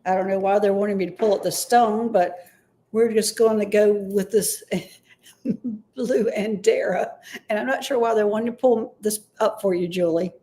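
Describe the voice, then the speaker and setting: A woman's voice: mid-range voice, steady tone, moderate pace, warm tone. A woman giving a live-streamed intuitive reading, tentative and often unsure of the messages she passes on. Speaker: intuitive reader.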